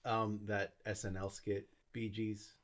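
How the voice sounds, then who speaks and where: A man's voice: fairly low pitch, level tone, unhurried. A man co-hosting a podcast in casual chat, teasing his co-host, swearing and laughing easily.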